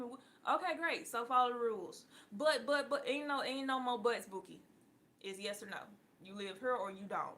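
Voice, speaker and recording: Woman in her 30s ranting to her viewers, bright voice a bit high, cusses a lot, laughs and gets loud. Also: fairly even intonation, moderate pace. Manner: blunt, profane, laughs often, bursts loud. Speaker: tarot reader and vlogger. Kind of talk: casual talk to viewers.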